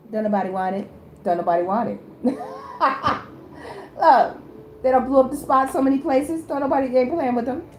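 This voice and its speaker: A woman's voice: mid-range voice, a little mellow, roomy sound, a little hiss or hum. A woman host giving a casual tarot reading to camera, chatty and teasing, laughing often and talking in loose slang. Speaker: tarot reader and channel host.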